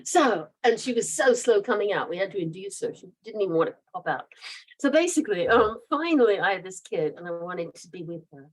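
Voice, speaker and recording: A woman's voice: medium pitch, sing-song, a little fast, slightly rough, low-quality recording. A woman in her fifties with a mid-Atlantic accent between American and British, telling stories in a rambling, chatty way as a guest author and laughing often. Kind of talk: casual interview storytelling.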